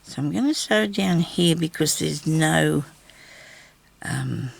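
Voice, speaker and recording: A woman's voice: low voice, expressive, slow pace, vocal fry, breathy edge. A woman chatting casually in her craft vlog, rambling and talking to herself as she sews close to the camera indoors at home. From Australia. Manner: rambling, chatty, talks to herself while sewing. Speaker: craft vlogger. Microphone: camera mic, very close.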